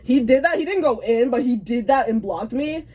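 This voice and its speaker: A woman's voice: a little high, expressive, moderate pace, warm tone, slightly rough. A young woman co-hosting a casual chat, telling school stories in a blunt, profane way and laughing often. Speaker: podcast co-host.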